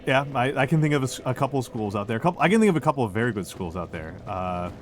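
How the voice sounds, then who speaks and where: Talking very fast in a mid-range voice with big pitch swings, an American man chats casually on stream, rambling and self-deprecating with frequent restarts. There's background noise and music playing.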